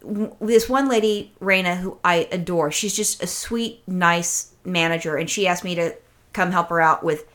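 A woman co-hosting a casual podcast chat, telling stories in a profane, animated way. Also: lowish voice, moderate pace. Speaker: podcast co-host.

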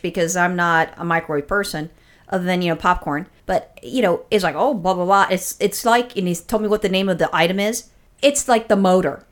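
A woman from California co-hosting a podcast, telling stories in casual, profane chat. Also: mid-range voice. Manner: profane, animated storytelling. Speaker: podcast co-host.

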